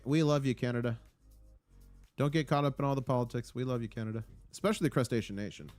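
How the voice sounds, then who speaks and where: With a fairly high-pitched voice and no room sound, a man runs a casual live stream. He goes through viewer comments in an upbeat, rambling manner, using fillers and restarts.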